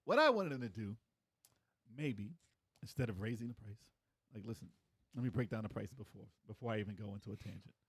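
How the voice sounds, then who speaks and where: An animated man with a husky, slightly breathy voice, swinging his pitch widely as he talks. He co-hosts a casual gaming podcast, laughing often and acting out quotes, recorded dry and close. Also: a little fast, no echo. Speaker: podcast co-host. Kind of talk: casual chat.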